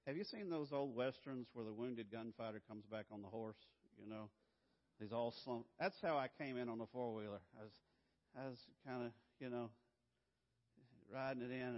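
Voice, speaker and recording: A man telling a personal story to an audience, dramatic and swinging from loud to hushed. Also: mid-range voice. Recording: dull, echoey hall recording.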